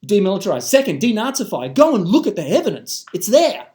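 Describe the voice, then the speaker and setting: A man's voice: high voice, very animated, fast talker, a little mellow. An Australian man in an impassioned monologue to camera, emphatic and swearing casually.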